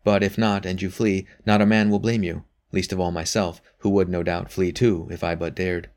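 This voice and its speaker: A nervous little French priest, voiced by a male narrator speaks with a French accent. He sounds fretful and pleading, in a deep voice, as in a spoken storybook. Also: level tone, normal speed, darkish tone. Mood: fearful. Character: timid agitated little French priest, man.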